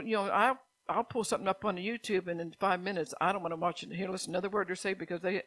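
A woman's voice: medium pitch, a bit bright, no echo. A woman giving an informal sermon, talking conversationally with many "you know"s and repeated words. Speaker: preacher.

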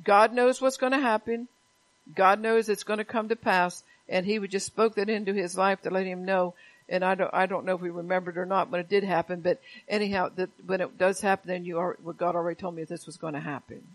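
A woman's voice: fairly low pitch, fairly even intonation, a little fast, low-quality recording. A woman pastor preaching a sermon in church, talking plainly and conversationally and often repeating her words.

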